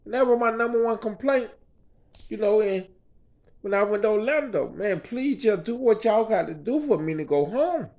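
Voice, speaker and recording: Man, high voice, rambling casual storytelling, hospital patient, dull lo-fi sound. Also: animated, moderate pace. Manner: rambling, conversational, frequent "you know what I mean". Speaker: vlogger telling a personal story. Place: hospital room.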